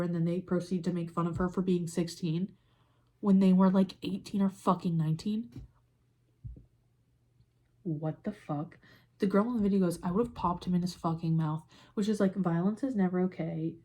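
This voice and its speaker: Recording on her phone while doing her makeup, a young podcast host delivers a heated, profane and exasperated rant as casual commentary. Her voice is mid-range with a warm tone.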